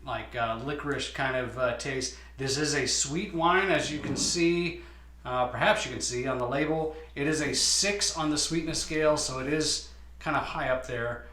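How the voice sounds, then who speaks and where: Winemaker, bright voice, echoey room, unhurried explaining with fillers. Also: male voice, medium pitch. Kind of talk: casual wine tasting chat. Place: winery.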